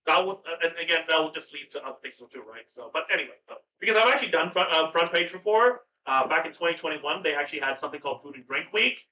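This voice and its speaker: A man in casual chat as a podcast guest, rambling and excitable, swearing now and then, on a video call. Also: fairly high pitch, fast, few pauses. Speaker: podcast guest, cooking streamer. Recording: far-off, roomy, dull sound with hum.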